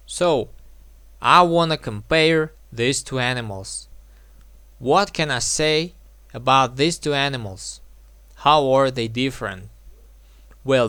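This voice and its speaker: A man gives an English grammar lesson at an unhurried, deliberate pace, repeating each example and checking in with a quick "yeah?". His voice is smooth and clear, at a middle pitch, recorded close with no room sound. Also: fairly bright tone, no room sound. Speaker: English teacher. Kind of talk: slow explanatory grammar lesson.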